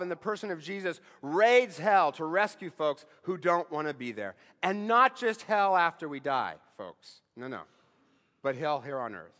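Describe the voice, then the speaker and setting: A man with a fairly high voice delivers a sermon as a pastor. He talks to the congregation like a conversation, leaning on rhetorical questions. He builds to strong emphatic lines and then falls to a quiet hush, with the long reverb of a large hall around him. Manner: rises to emphatic bursts, then drops low and quiet.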